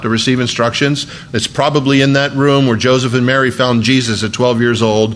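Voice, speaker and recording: A man's voice: mid-range voice, fairly bright tone, slight background noise. A man preaching a sermon as a pastor, in a conversational, folksy way with emphatic asides.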